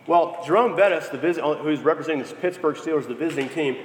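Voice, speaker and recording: A man's voice: a little high, quick pace. A man preaching a sermon, telling stories and acting out quotes with energy. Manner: storytelling with lively acted quotes. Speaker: pastor. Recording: echoey hall.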